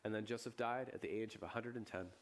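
A man as a pastor giving a sermon, retelling a scripture story with casual asides and chuckles, his voice jumping to loud, high bursts and then dropping to hushed, solemn lows. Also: steady tone, quick pace. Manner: chuckles and asides in everyday speech.

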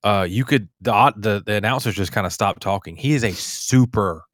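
Chatting casually and laughing often, a male podcast host wanders from thought to thought. His voice sits on the low side with a slightly bright quality, and he talks at normal speed. The audio is studio-clean, free of any room sound.

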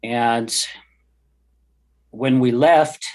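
A man of middle pitch tells his own story in an interview, earnest and rambling. He acts out the back-and-forth of old conversations as he goes. His pitch sits in an average range for a man. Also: steady tone, very slow, a little mellow. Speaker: podcast host and guest.

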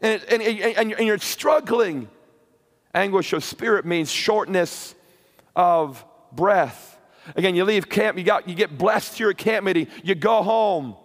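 A man preaching a sermon with passion, rising to shouted peaks and repeating words. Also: high-pitched, big-room sound. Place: church or camp meeting hall.

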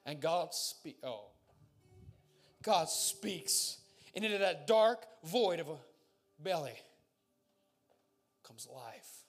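High-voiced fervent preaching man. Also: lively intonation, takes it slowly, long pauses, faint music behind. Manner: emphatic, rising to fervent declarations; jokes and laughs while telling stories. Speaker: pastor. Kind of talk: sermon.

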